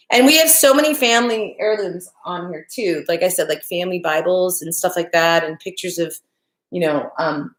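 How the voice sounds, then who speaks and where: A woman's voice: medium pitch, fairly bright tone. An older woman hosting a crafting livestream from her living room, chatting in a rambling way while she answers viewer comments. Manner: chatty and rambling, with frequent restarts and fillers. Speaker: YouTube crafting channel host. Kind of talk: casual livestream chat reading viewer comments. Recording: echoey room.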